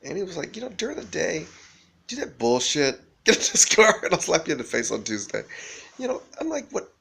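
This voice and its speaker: Gravelly man rambling with profanity. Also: on the high side, very animated, fairly quick, a bit bright. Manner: rambling, profane, laughs often.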